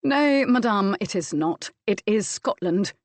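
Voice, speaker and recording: A stern Scottish earl who lectures but softens into fondness, as a woman narrator gives him voice. The delivery is firm and measured, with no attempt at a deep male register. The recording is dry and close. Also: expressive, no echo, natural voice. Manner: firm, scolding, then teasing.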